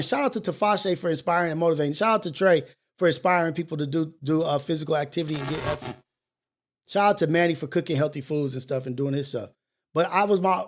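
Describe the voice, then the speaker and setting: A middle-aged man hosting a morning show, giving a blunt, profane, self-mocking motivational monologue. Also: high voice.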